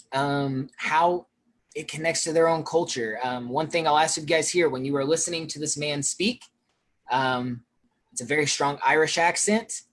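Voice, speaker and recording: Presenter, mid-pitched and hurried, informal with filler-heavy delivery. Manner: rushed, with frequent fillers. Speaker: featured speaker. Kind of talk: presentation on accents.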